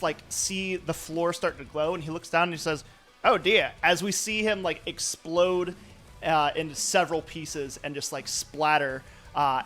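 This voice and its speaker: Man, game master, slightly high voice, rambling with fillers, faint music under the stream. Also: fairly bright tone. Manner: loose, hesitant narration full of fillers. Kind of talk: narrating a tabletop game.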